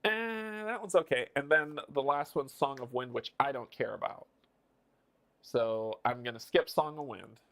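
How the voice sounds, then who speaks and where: A man's voice: mid-range voice, a little slow, gravelly, fairly bright tone. A man streaming live, casually thinking aloud and counting his moves as he plays a board game. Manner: muses and counts moves under his breath.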